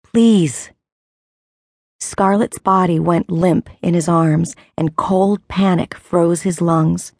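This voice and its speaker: A woman narrates a teen audiobook in a measured, very slow manner, her voice on the low side. The recording is dry and close, with no room sound. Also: little pitch movement, darkish tone, no echo. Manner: measured, unhurried storytelling.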